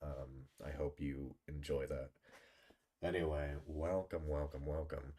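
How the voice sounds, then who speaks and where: Speaking close to a desk mic, this man banters with his live stream audience, teasing them and swearing now and then. His voice is bass and warm in tone.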